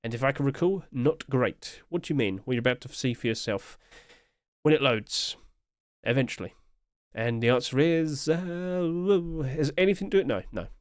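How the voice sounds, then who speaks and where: A man's voice: mid-range voice, animated, normal speed, clear, resonant tone, dry recording, studio quality. A man giving casual, upbeat commentary as he reviews game skins, chatting along with light chuckles.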